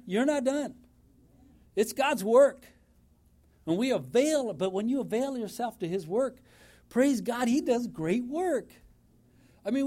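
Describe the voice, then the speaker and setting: High-voiced man preaching a sermon. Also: darkish tone. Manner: emphatic, repeats phrases for effect. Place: church.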